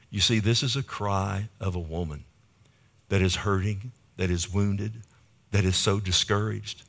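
A lower-voiced man preaches with passion, repeating phrases in a steady rhythm and calling out to his listeners. He drops into hushed, low lines, then comes back hard with loud emphasis. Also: a little slow, gravelly. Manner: impassioned, rhythmic repetition with calls to the congregation. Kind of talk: sermon.

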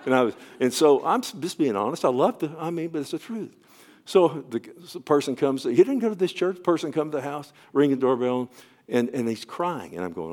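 A middle-aged male pastor with a medium-pitched voice preaches a sermon at a moderate pace, telling a story with acted-out dialogue. He is animated, swinging from emphatic, raised delivery down to hushed near-whispers.

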